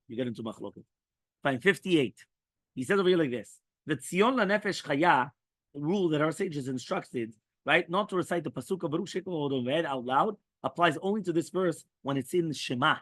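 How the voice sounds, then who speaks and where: Fast-talking rabbi reading and explaining a text. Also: male voice, fairly high pitch, no echo. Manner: reads quoted passages, then breaks in with quick asides and "right?". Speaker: rabbi teaching halacha.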